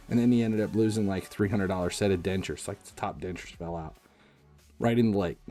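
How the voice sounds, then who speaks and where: A man's voice: fairly low pitch, mellow. A man in his forties casually telling a long personal story as a streamer, rambling with lots of restarts and fillers.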